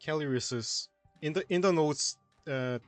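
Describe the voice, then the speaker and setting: A man co-hosting a puzzle stream, reading out notes and commenting in a halting, casual way. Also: on the high side, no room sound, soft background music. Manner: halting, reads notes aloud slowly. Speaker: co-host of a puzzle showcase stream.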